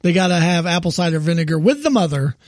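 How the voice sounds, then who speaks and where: A man in casual chat, dropping quick wisecracks. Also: a little high, lively intonation, crowd noise.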